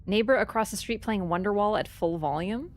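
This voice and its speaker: A woman's voice: medium pitch, brisk. A woman streamer in a casual live-stream chat, rambling and swearing as she rants.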